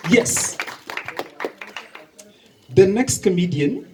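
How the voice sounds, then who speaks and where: A man performs stand-up at a live bar comedy night, acting out the people in his stories. His voice sits a little high and swings widely in pitch. Faint noise from the bar hangs in the background. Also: drawn-out words, poor audio. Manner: animated storytelling with acted-out dialogue.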